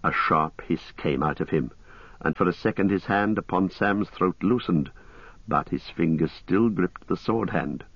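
A man reading an audiobook in a measured, grave and deliberate storytelling manner, in a dull lo-fi recording. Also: sits low, vocal fry, breathy edge, dry recording. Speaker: audiobook narrator. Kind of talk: scripted dramatic narration.

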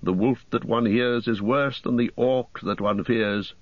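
A man's voice: medium pitch, fairly even intonation, unhurried, dry recording, muffled recording, close to an everyday voice. A man voicing a proud, blunt human warrior with a firm, plain-spoken manner.

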